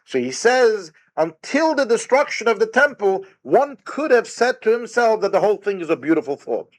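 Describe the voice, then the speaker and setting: A man's voice: high voice, very animated, moderate pace. A man, a rabbi, giving a recorded Torah lecture, emphatic and full of rhetorical questions. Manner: retells Talmud story with quoted sage dialogue.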